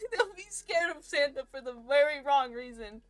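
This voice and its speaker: A woman's voice: high-pitched, animated, moderate pace, soft background music. A woman streamer chatting casually and rambling, joking and laughing often. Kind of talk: casual chat.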